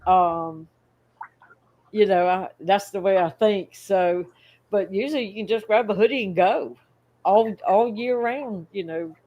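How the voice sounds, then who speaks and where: A woman's voice: medium pitch, unhurried, dull audio. Woman, co-host, easygoing, casual chat. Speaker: co-host of a fish-keeping livestream.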